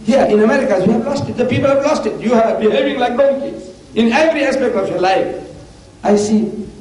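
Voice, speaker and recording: Older guy preaching, mellow tone, loud rhetorical questions, roomy hall, far off the mic. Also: very high-pitched, a little fast. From South Africa. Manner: emphatic, rhetorical questions, exclamations. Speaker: lecturer. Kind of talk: public lecture with questions and answers. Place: mosque hall. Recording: echoey hall from far off, faint hiss.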